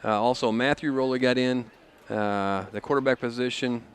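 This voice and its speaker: Man reading football stats, halting. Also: medium pitch, fairly even intonation, slight background noise. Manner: halting, filler-heavy stat reading. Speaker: play-by-play commentator. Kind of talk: local high school football commentary. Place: outdoor football stadium broadcast booth.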